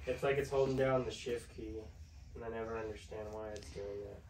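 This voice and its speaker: A man's voice: on the low side, fairly even intonation, fairly quick, a little mellow, slight background noise. A young man, a father, joking around casually with his partner at home, dropping "bro" and "dude". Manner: laid-back, joking, says "bro" and "dude". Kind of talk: casual family chat.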